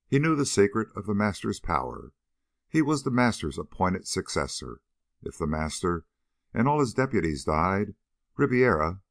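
A man narrates an adventure novel in a steady, expressive reading. His voice is very low and gravelly, with lively swings of pitch. The recording is dry and close, with no room sound. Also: dry recording. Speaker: audiobook reader.

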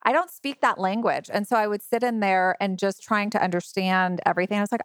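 A woman's voice: medium pitch, fairly even intonation, a little fast, hardly any pauses, smooth, dry recording, clean studio sound. A middle-aged woman who founded a company, telling her story in an interview in a chatty way, with many fillers and acted-out quotes. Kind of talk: interview conversation.

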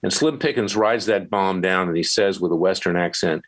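A man's voice: low-pitched, normal speed, few pauses, poor audio. A man hosting a talk radio show, delivering an opinionated monologue in a combative, emphatic way.

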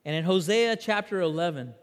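A man preaching a sermon, swinging between loud emphasis and hushed passages and leading the congregation in repeating lines. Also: high-pitched, expressive, a little fast. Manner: leads the congregation in call-and-repeat. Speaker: pastor. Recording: long reverb of a large hall.

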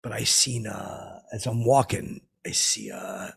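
A man's voice: on the low side, fairly even intonation, measured pace, gravelly, a bit bright, breathy edge. A middle-aged man hosting a comedy podcast, telling a rambling comic story full of fillers and profanity.

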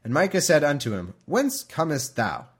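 A man's voice: a little high, wildly swooping pitch, moderate pace, slightly rough. A man hosting a podcast, reading scripture aloud and breaking off into chatty, bemused commentary, laughing often. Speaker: podcast host.

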